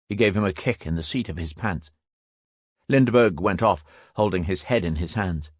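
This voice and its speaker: A man reading a war memoir audiobook as scripted narration, raising his voice for characters' shouts. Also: low voice, normal speed, husky, no echo, clean studio sound.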